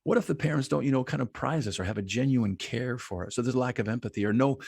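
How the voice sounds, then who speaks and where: A man's voice: mid-range voice, fast, creaky, darkish tone, husky, no echo. A man on a mental health podcast, explaining concepts at length in conversation and often posing rhetorical questions.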